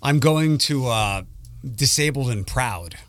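A man's voice: medium pitch, lively intonation, slow pace, a bit bright, no room sound. A man hosting a casual chat, telling rambling stories and correcting himself as he goes. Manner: rambling, self-correcting storyteller.

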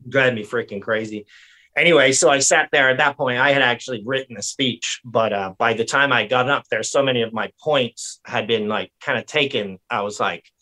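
A man on a podcast, rambling and animated, swearing and mimicking people as he tells stories. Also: medium pitch, normal speed. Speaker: podcast guest. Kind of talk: casual chat. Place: lives in San Diego.

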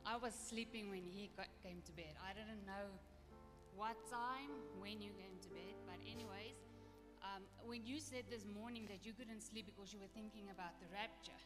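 A woman's voice: mid-range voice, moderate pace. A woman sharing a church testimony, earnest and fervent as she tells her story. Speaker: preacher's wife sharing a testimony. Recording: reverberant hall with music.

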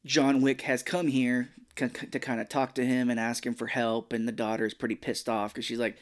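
A man co-hosting a podcast, chatting casually about a film, rambling and animated. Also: mid-range voice, moderate pace. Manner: rambling, animated, does mock voices of film characters. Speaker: podcast co-host. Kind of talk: casual movie review chat.

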